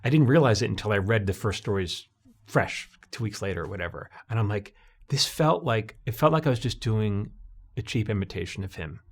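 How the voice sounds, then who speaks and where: Animated storytelling man. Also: on the low side, fairly quick. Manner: animated storyteller, acts out voices in quotes. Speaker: TV comedy writer, guest. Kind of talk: conversational interview.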